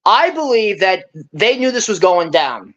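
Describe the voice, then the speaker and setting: A man's voice: high-pitched, very animated, unhurried, fairly bright tone. Chatty Brooklyn-raised man on a call. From Brooklyn, New York. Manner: chatty, drops Italian phrases. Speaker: caller. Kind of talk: casual call-in chat. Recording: dull lo-fi call line.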